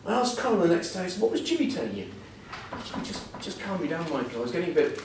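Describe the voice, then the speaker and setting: A man's voice: on the high side, sing-song, fast, noisy background. A man in his sixties giving a humorous, self-deprecating talk as a guest speaker, full of anecdotes. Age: 60s. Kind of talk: anecdotal after-dinner talk. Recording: echoey hall, mic at a distance.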